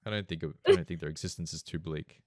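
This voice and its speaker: A man's voice: deep voice, fairly even intonation, fast talker, crowd noise. A man, hosting a casual podcast chat with joking, laid-back banter. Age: late 20s. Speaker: podcast host.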